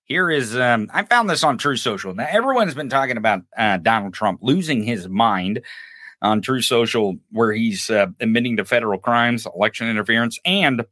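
Male podcast host, profane and mocking; bright tone, dry close sound. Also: medium pitch, moderate pace, no room sound. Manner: animated, swearing, mocking. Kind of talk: profane political commentary.

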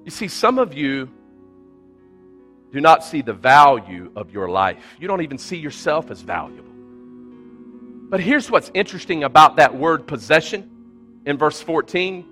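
A man's voice: on the high side, big pitch swings, normal speed, pushed and bright, soft background music. A man preaching a sermon as a pastor, emphatic and repetitive, his voice climbing when he voices people's pleas. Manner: emphatic preaching with repeated phrases, voice rising in quoted pleas. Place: church sanctuary.

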